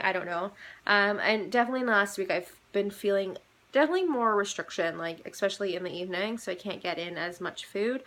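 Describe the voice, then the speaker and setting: A woman's voice: mid-range voice, fairly bright tone. A young woman vlogging in a casual, rambling chat, full of "like" and "um". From Canada. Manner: rambling, many "like"s and "um"s.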